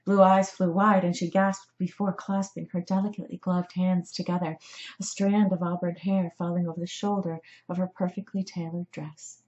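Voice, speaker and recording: A woman reads her own novel aloud in a measured, dramatic way. Her voice sits on the low side. The recording sounds somewhat dull. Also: little pitch movement, a little mellow, reverberant. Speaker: author reading her book. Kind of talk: audiobook narration.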